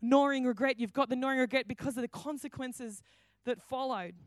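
Lively higher-voiced woman pastor preaching. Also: fairly quick, no room sound. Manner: animated storytelling, acting out quoted voices. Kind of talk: sermon. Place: church hall.

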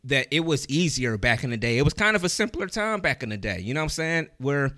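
Steady male podcast host, dry sound. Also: fairly high pitch, fast talker, dry recording. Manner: steady, reflective, steering the topic. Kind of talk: casual podcast chat.

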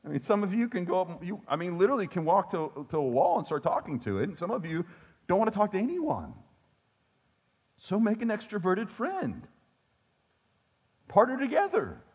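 A man's voice: high-pitched, slightly rough. A male pastor preaching a sermon in a conversational way, with joking asides to his congregation.

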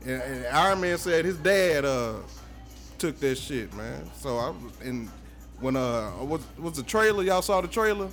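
A man speaking as a guest photographer in casual podcast chat, animated and swearing freely. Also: a little high, measured pace, soft background music.

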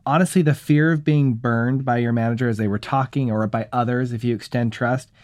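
Dude co-hosting a leadership podcast, easygoing questions, dry close mic. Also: male voice, medium pitch, fairly even intonation, fairly quick, a little mellow, no echo. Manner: conversational, prompting questions. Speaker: podcast co-host.

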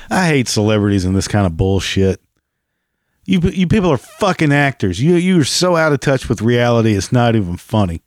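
A man's voice: medium pitch, big pitch swings, moderate pace, long pauses, no echo, studio quality. A man giving casual, sarcastic and profane reaction commentary on a video he is watching.

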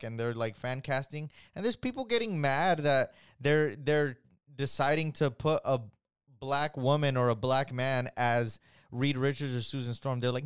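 A man chats casually on a podcast with a smooth, resonant voice and a dry, close sound. He gets animated and opinionated, and he fills his talk with "like". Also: mid-range voice, normal speed, dry recording. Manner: animated, heated opinions, says "like" often. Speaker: podcast co-host. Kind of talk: casual chat.

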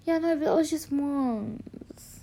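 A woman's voice: high voice, slow pace, creaky, warm tone. A young woman hosting a podcast, chatting casually, bluntly and animatedly, with a lot of swearing. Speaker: podcast host. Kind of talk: casual chat.

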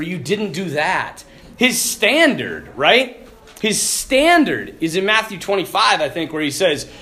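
Animated, laughing male priest. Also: sits high. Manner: animated, joking, laughs often. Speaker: priest giving a retreat talk. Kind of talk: informal sermon.

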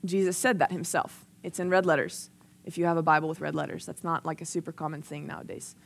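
A woman's voice: low voice, steady tone, quick pace, gravelly. Earnest, conversational young woman preaching. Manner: conversational and earnest, acts out quoted voices. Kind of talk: sermon.

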